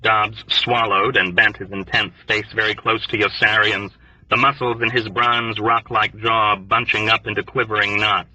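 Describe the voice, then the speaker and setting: A man narrating an audiobook in a measured storytelling way. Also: on the low side, little pitch movement, bright, forceful tone, recorded from a distance, muffled recording. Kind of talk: scripted narration.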